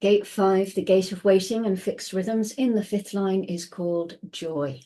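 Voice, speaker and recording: A woman calmly explaining the day's astrology in an unhurried, conversational way, with soft asides. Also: mid-range voice. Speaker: astrology podcast host. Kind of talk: daily astrology talk.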